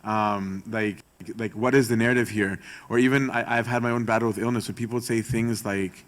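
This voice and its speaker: A man's voice: on the low side, flat delivery, normal speed, fairly bright tone. A male priest giving a conversational sermon talk, often checking in with a rhetorical "right?". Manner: chatty, tags points with rhetorical "right?".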